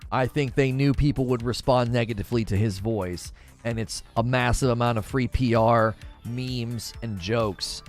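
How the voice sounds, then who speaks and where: A man hosting a casual gaming livestream, reading chat and arguing his opinions out loud, now and then mimicking cartoon voices. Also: moderate pace, faint music behind. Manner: animated, opinionated, thinks aloud; briefly mimics cartoon voices in a high falsetto. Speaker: gaming news host reading live chat.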